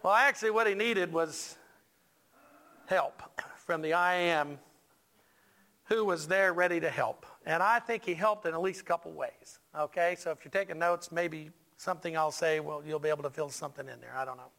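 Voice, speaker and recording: High, bright-voiced joking preacher man. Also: moderate pace, gravelly. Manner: animated, joking preacher, emphatic repetitions. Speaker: pastor. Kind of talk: sermon. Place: church.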